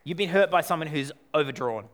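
A man delivers a sermon with a slightly higher voice than most men. He is animated and acts out the people he quotes. He drops to a hush, then rises again. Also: brisk. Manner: animated, acts out quoted voices, shifts between loud and hushed. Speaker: pastor.

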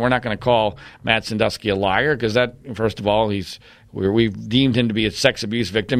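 A man's voice: mid-range voice, a bit bright, no echo. A man giving an emphatic, combative monologue with blunt opinions. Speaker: commentator.

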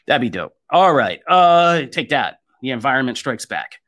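A man co-hosting a casual pop-culture chat, animated and joking, jumping high and loud when he gets excited. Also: moderate pace. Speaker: podcast co-host.

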